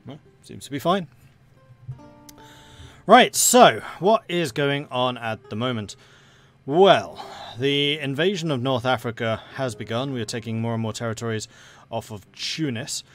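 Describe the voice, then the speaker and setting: A man's voice: mid-range voice, expressive, unhurried, faint music behind. Chatty man streaming a strategy game. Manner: chatty, thinking aloud with fillers. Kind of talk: casual live gameplay commentary.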